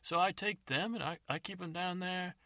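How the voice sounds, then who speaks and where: A man's voice: sits high, moderate pace, bright, forceful tone, no echo, studio quality, pitched above the performer's own voice. A man doing a folksy rambling old soap maker.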